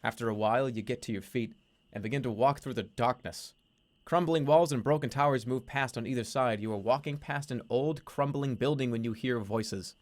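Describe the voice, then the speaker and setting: A man's voice: medium pitch, fairly quick. A man with a mid-range voice reads the narration of a text adventure aloud on a stream. He reads dramatically, then drops into loose, jokey asides with casual swearing. He sounds close to a desk mic. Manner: playful, swears casually, laughs at himself. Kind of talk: reading game text aloud with joking commentary.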